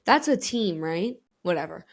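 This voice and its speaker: A woman's voice: fairly low pitch, expressive, moderate pace, vocal fry. A woman hosting a podcast, talking in a casual chat style and telling rambling, candid stories with plenty of swearing and laughter. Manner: candid, profane, rambling storytelling with frequent laughter. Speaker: podcast host.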